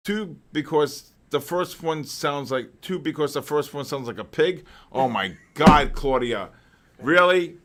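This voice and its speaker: A man hosts a live trading session in a casual, excitable chat. His voice sits a touch high and swings widely in pitch. He laughs easily and calls out market moves to his viewers. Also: unhurried.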